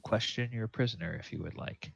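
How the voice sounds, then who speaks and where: A man narrating as the dungeon master, slow and drawn out, with many fillers. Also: lowish voice, vocal fry, highs cut off, slight background noise. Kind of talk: narrating a tabletop game.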